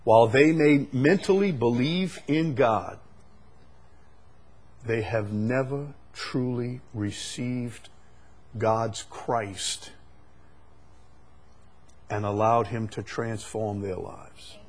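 A man preaching a sermon, moving from quiet, conversational explanation to loud, emphatic, repeated declarations. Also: medium pitch, extremely slow, pauses often, breathy edge. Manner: swings from quiet explaining to shouted emphatic climaxes.

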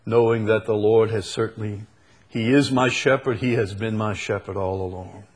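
Husky guy preaching slow, lowish voice, repeating phrases for emphasis. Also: fairly even intonation. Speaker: pastor. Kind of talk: sermon.

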